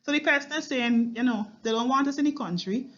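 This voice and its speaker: A woman's voice: sits high, fairly quick, fairly bright tone, dull audio. A woman teaching a recorded exam-prep poetry lesson, explaining line by line and often checking in with "okay?". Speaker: English literature teacher.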